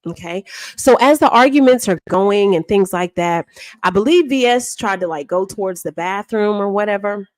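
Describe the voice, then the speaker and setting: A woman's voice: medium pitch, normal speed, a little mellow, dry recording. A woman hosting a live stream, retelling events with theatrical flair and calling her viewers honey and baby. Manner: dramatic, theatrical, calls listeners honey and baby. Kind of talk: animated storytelling commentary.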